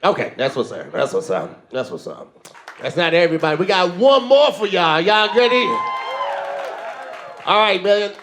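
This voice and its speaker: A man's voice: high voice, sing-song, moderate pace, noisy background. A man with a St. Louis accent hosting a comedy show, trading loose, slangy banter with the crowd. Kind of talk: emceeing, chatting with the crowd.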